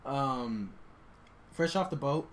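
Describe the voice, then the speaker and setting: A man co-hosting a podcast in casual chat, talking in an animated, chatty way with frequent laughter. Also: mid-range voice, slow pace. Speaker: podcast co-host.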